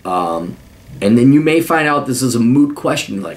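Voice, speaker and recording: A man's voice: medium pitch, big pitch swings, moderate pace. Blunt, profane man. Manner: blunt and profane, rambling with restarts. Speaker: podcast host giving advice. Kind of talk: casual advice monologue.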